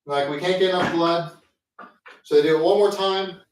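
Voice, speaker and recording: A man's voice: sits high, steady tone, normal speed, heavy background noise. A man telling a rambling, self-mocking story with many fillers, chatting casually between sets at the gym. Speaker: host. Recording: echoey room, mic at a distance.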